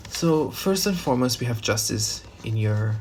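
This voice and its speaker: A man's voice: medium pitch, lively intonation, moderate pace, noisy background. A man giving a casual tarot reading, rambling loosely with many fillers and restarts and the odd swear word. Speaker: tarot reader.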